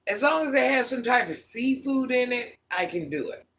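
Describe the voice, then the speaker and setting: A man's voice: very high-pitched, lively intonation, moderate pace, a bit bright. A man with a mixed country accent chatting playfully on a live stream, answering viewers' comments. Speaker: livestream host reading chat. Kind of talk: casual live-stream chat.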